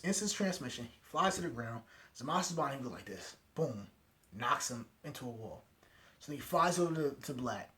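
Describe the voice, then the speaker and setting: A man at home giving a casual, excited recap of an anime episode, full of slang and "right?" tags. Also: medium pitch. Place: his home at night.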